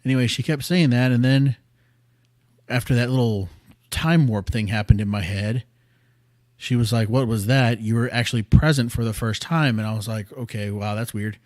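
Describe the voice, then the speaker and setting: A man in his thirties hosting a podcast, telling a personal story in an earnest, rambling way that often drops quiet. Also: medium pitch, normal speed, no echo, studio quality. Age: 30s. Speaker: podcast host. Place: small studio room.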